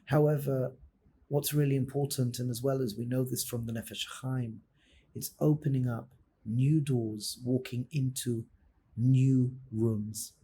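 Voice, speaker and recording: A man, a rabbi, telling a story in a sermon, dramatic and swinging between loud and hushed passages. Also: medium pitch, fairly even intonation, a little slow, slight background noise.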